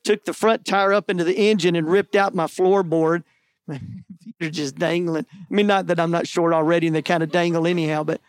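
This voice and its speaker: A man's voice: a little high, fairly even intonation, fairly quick, no echo, studio quality. A man preaching, telling a personal testimony earnestly with self-deprecating jokes. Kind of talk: sermon testimony storytelling.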